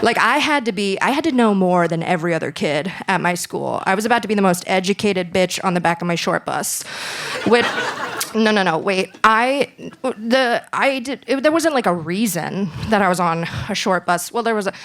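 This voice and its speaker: A young woman performing a stand-up comedy set, telling a story playfully and breaking into sudden high squeals for effect. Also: expressive, normal speed, a bit bright.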